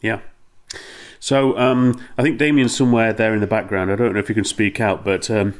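A man's voice: fairly low pitch, fairly even intonation, a little fast. A man hosting an astronomy podcast over a video call, steering segments in a jokey way. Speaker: host.

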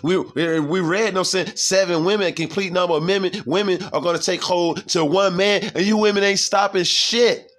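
Male street-style preacher, higher voice, heated and crude, reads verses then riffs on them. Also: fairly even intonation, a little fast, few pauses, a bit bright. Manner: profane, heated, keeps asking "you see?". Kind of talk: informal scripture preaching.

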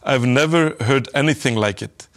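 A man voicing a boastful, mocking character in a storybook reading, jeering and loud. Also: mid-range voice, normal speed, close to an everyday voice. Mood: gleeful. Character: mocking boastful man who laughs at others.

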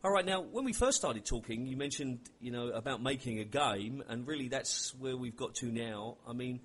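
A man hosting an interview, asking questions in a relaxed, conversational way. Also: mid-range voice, moderate pace, slight background noise. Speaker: interview host. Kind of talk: casual interview talk.

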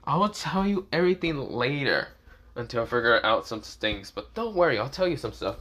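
A man's voice: mid-range voice, very animated, brisk, bright, forceful tone. A man voicing a teenage boy who has turned cocky and loves to tease his dragon partner. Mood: teasing. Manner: smug, teasing.

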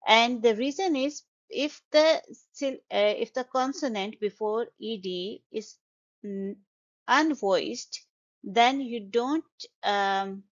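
A woman with a somewhat high voice, recorded with the highs cut off, teaches an English vocabulary lesson. She carefully sounds out each word syllable by syllable, speaking slowly and deliberately and stressing the syllables.

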